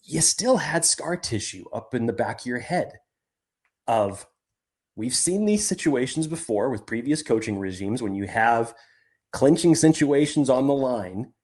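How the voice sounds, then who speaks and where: A man's voice: mid-range voice, expressive, a little slow, a little mellow. A man co-hosting a casual sports podcast, talking in long rambling sentences that restart midway. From California. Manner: rambling, self-interrupting. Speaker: podcast co-host.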